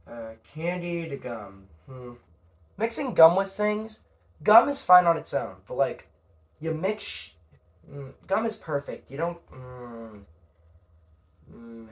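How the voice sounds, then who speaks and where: A young man talking casually on his own, rambling and hesitant, with frequent fillers and casual swearing. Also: mid-range voice. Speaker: podcast narrator. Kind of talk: casual solo commentary.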